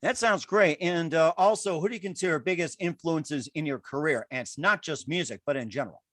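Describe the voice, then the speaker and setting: A man's voice: on the high side, a little fast, a bit bright, no echo, clean studio sound. A man hosting a casual interview, upbeat and encouraging, laughing easily. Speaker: podcast host.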